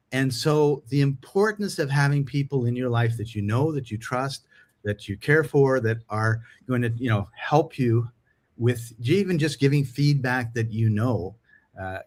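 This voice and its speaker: A man's voice: mid-range voice, moderate pace. A middle-aged man from Canada co-hosting a podcast, chatting casually and acting out dialogue as he tells stories. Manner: animated storyteller acting out dialogue. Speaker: podcast co-host.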